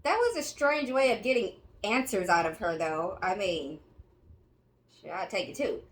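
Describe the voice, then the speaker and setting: A woman's voice: mid-range voice, lively intonation, normal speed. A woman hosting reaction commentary, blunt and casual as she weighs in on a clip. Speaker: commentary host.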